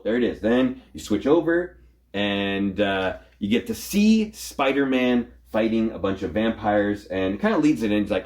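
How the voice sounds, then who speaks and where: A man hosting a casual comic book chat, recapping a story in a rambling way and acting out the characters' lines in quick voices. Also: fairly low pitch, darkish tone. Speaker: comic book show host.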